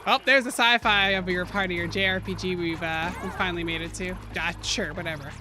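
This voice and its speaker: A woman streaming a video game, commenting out loud, joking and exclaiming as she plays. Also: lowish voice, brisk, over music. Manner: animated, exclaims and laughs often, jokes with chat. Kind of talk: live gaming commentary.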